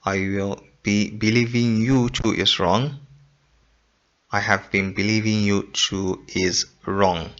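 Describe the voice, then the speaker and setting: A man's voice: lowish voice, little pitch movement, slow, fairly bright tone. A man teaching an English grammar lesson, repeating points and quizzing the listener. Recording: dull lo-fi recording.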